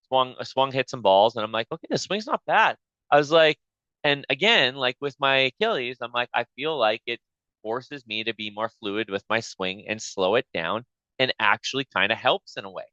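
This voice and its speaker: A man on a podcast spins a profane, animated story, playing out his own side of each exchange. His voice is bright and forceful, with a smooth, clean tone. The audio is dry but a little dull and lo-fi. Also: on the low side, dry recording. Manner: profane, animated retelling with quoted back-and-forth. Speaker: podcast host. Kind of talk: casual storytelling chat.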